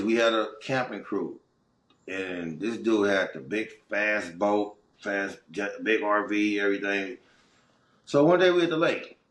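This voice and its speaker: A middle-aged man from Watts, Los Angeles, telling his story as a guest in casual, animated, slangy talk. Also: lowish voice. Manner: animated, slangy, chuckles between phrases. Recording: roomy echo.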